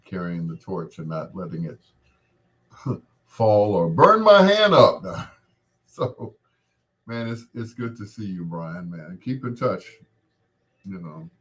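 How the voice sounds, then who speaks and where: Man around 60, host, easygoing rambling chat, deep voice, unhurried delivery. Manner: relaxed, rambling, greets viewers by name. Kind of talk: casual live-stream chat with viewers.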